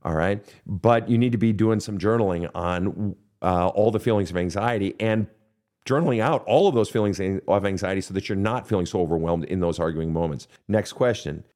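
A man's voice: deep voice, fairly quick, a little mellow. A man hosting a counseling podcast, answering listener questions in a blunt, profane, direct manner. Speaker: counselor and show host.

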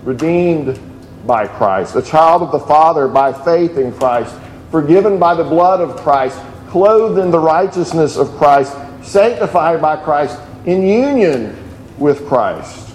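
A man's voice: fairly high pitch, expressive, slow, darkish tone, slight background noise. A middle-aged man preaching a sermon, earnest and telling stories with many restarts. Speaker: pastor. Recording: echoey room with faint ambience.

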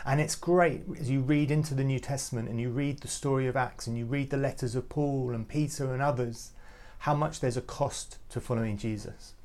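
A man giving an earnest, reflective devotional talk to youth leaders, often halting and repeating words as he goes. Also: mid-range voice, fairly even intonation, darkish tone. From United Kingdom. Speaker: youth ministry speaker.

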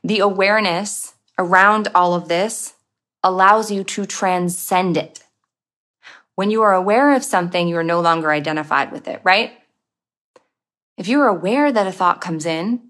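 A woman hosting a spiritual self-help podcast, speaking in a frank, unfiltered way with casual swearing. She slips into quick playful voices to act out inner thoughts, then returns to her steady middle-pitched delivery. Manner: candid, profane, acts out inner voices. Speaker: podcast host.

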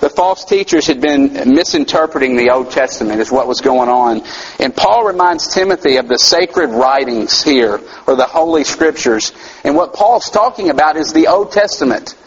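A man's voice: on the high side, lively intonation, normal speed, slightly rough, lo-fi sound. A man preaching a sermon as a campus minister, talking conversationally and asking his listeners rhetorical questions.

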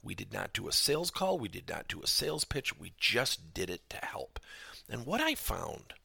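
A man's voice: fairly low pitch, big pitch swings, normal speed, creaky, sharp tone, breathy edge, no room sound, clean studio sound. A middle-aged man, a business coach, tells the story of a coaching session and acts out both sides of the dialogue.

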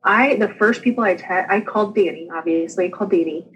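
A woman, a podcast guest candidly retelling her own experience with lively asides. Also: medium pitch, quick pace, slightly rough, highs cut off. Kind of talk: casual storytelling interview.

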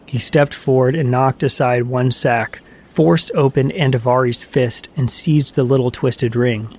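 A man reading a myth aloud as a storyteller, in an even, measured way. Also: medium pitch. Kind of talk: scripted narration of a myth.

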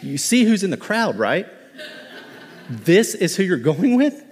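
A pastor voicing incredulous heavenly angels. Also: male voice, sits high, sing-song, a little slow, in a large hall, voice pushed up. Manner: incredulous, urgent questioning. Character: astonished crowd of angels in heaven.

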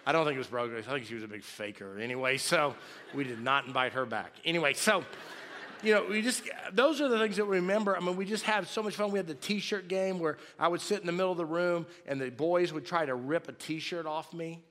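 A man in his fifties preaching in a lively, joking storytelling way, acting out loud shouts as he tells it. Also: a little high, brisk, slight background noise. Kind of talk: storytelling sermon. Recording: long reverb of a large hall.

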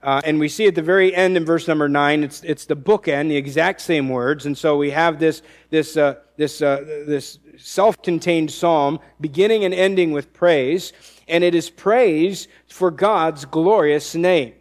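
Man, high voice, preacher, expository sermon, teaching tone, reads scripture. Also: a little slow. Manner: teaching, reads scripture aloud, many restarts.

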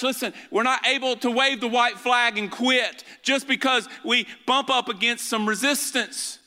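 A middle-aged man preaching a sermon as pastor, swinging between loud urging and hushed asides. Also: very high-pitched. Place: church sanctuary. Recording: long hall reverb.

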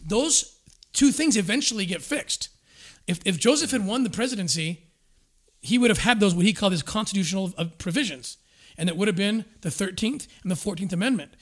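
High-voiced man telling an animated story. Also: a little fast. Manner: energetic storyteller, acts out quotes with restarts. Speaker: guest discussing scripture and history. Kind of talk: animated conversational explanation.

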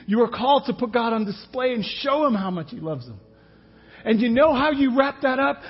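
A man preaching a sermon as pastor, animated, acting out quotes and dropping to hushed tones. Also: high-pitched, husky, lo-fi sound.

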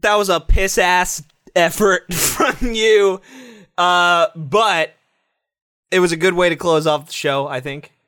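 A man's voice: sits high, fairly even intonation, slow, sharp tone, clean tone. A man co-hosting a podcast in casual chat, teasing and playful. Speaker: podcast co-host.

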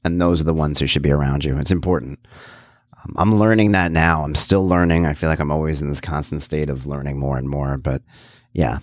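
A man's voice: extremely low pitch, fairly even intonation, a little fast, no echo. A middle-aged man speaking earnestly and confidingly to viewers in a reflective personal monologue about his life. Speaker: vlogger sharing life advice.

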